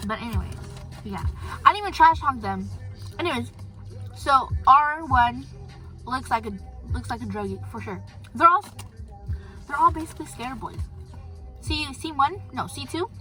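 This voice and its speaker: A teenage girl with a high, bright voice talks casually to the camera. She gossips in a chatty, storytelling way. Faint music plays behind her. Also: animated, moderate pace, long pauses. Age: teens. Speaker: vlogger. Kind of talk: casual chat.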